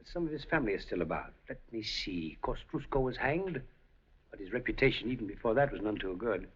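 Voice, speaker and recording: A man's voice: on the low side, expressive, a little fast, slightly rough. A man playing a suave, scheming casino operator in a 1930s film, urbane, dryly amused and coolly threatening. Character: suave scheming male casino operator, older, smooth and commanding. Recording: dull old film soundtrack.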